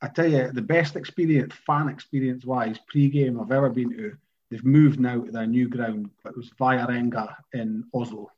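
A man's voice: medium pitch, fairly even intonation, moderate pace. A Scottish man in casual podcast chat, speaking emphatically and opinionated about football. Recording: dull lo-fi sound.

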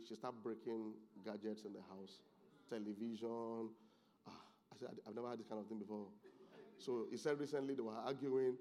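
A man preaching a sermon as pastor, moving from low, quiet asides to loud, excited exclamations.

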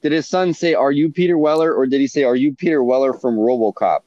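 A man co-hosting a casual chat, telling animated stories with lots of swearing and restarts. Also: mid-range voice, fast, highs cut off. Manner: animated storytelling, heavy swearing, many restarts.

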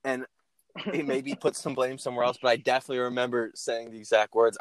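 A man's voice: medium pitch, steady tone, fast talker, no room sound. A man casually telling a funny story from his teens, often breaking into laughter.

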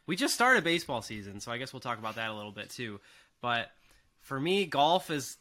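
A man hosting a casual sports podcast, opening with an upbeat, animated delivery and chatting with friends. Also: mid-range voice, a little fast. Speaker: podcast host.

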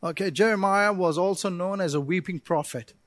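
A man pastor preaching a sermon, animated, with playful asides and acted-out prayers to God. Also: high-pitched, fairly quick, no echo.

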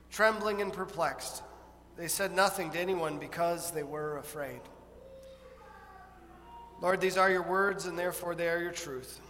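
A pastor with a high, bright voice preaches to his congregation, telling stories with lively expression. The sound rings with a long hall reverb, and a faint hum of room ambience sits behind him. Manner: animated storytelling, acting out a scared child. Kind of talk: sermon. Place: church.

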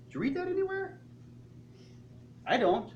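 A male pastor preaching a sermon, telling the story in an animated way and asking the congregation questions. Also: extremely high pitch, normal speed, lo-fi sound, slight background noise. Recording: echoey hall, faint ambience.

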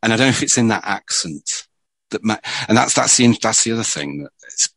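A man's voice: fairly low pitch, lively intonation, brisk, fairly bright tone, no echo, poor audio. A man, a screenwriter, telling stories in casual conversation with many restarts. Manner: chatty storyteller, many restarts. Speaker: screenwriter guest.

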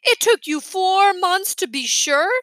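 A woman voicing an angry ten-year-old boy who shouts his indignant protests in a storybook reading. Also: sits high, expressive, moderate pace, no room sound, studio quality, heavily acted. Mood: outraged.

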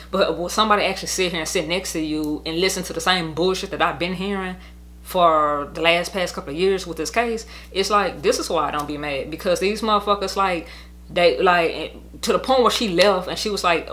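A woman's voice: fairly low pitch, brisk, pushed and bright. A woman venting in a rambling, profane monologue about her own story. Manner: rambling, profane, heated, with many "like" fillers. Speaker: podcast host telling her own story.

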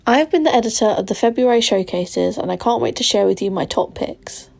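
A woman's voice: medium pitch, expressive, brisk, gravelly, a little mellow. A young woman in her twenties, a student editor, presenting a literary showcase in a careful, earnest read. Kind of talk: scripted presentation.

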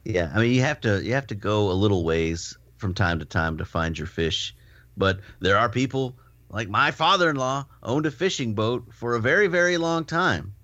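A man's voice: fairly low pitch, animated, normal speed, fairly bright tone, dry recording, dull audio. A man in a casual podcast chat, telling wry stories about his family. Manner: wry anecdotal storyteller.

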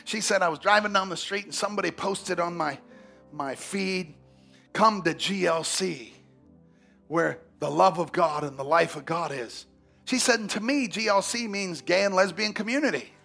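A man preaching a sermon as pastor, telling stories with big swings from hushed to shouting. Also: high voice, moderate pace, vocal fry, soft background music. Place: church sanctuary.

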